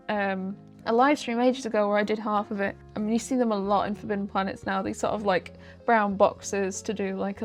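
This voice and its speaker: A young woman, chatting casually through a shopping haul, rambling and poking fun at herself. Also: medium pitch. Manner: chatty, self-deprecating, rambling asides. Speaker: vlogger.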